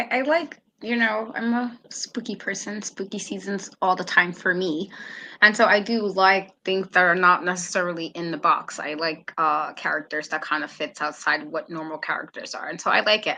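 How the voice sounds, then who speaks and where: A woman's voice: fairly low pitch, pushed and bright. A woman on a wrestling aftershow panel, talking casually and animatedly, acting out her own reactions. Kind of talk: casual chat.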